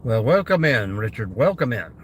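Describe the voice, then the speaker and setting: A man's voice: mid-range voice, big pitch swings, normal speed, a little hiss or hum. A man hosting a casual livestream about camping, rambling along and greeting viewers by name. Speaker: camping channel host.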